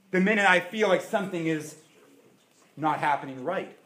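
High-voiced preacher in an echoey room. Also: male voice, animated. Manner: emphatic preaching with dramatic pauses and shifts in loudness. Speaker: pastor. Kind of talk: sermon.

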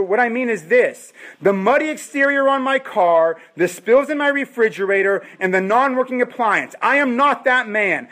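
High-voiced guy preaching, begging the crowd, repeats himself a lot. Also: expressive, a little slow, fairly bright tone. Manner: pleading, impassioned, repetitive. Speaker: pastor. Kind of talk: sermon.

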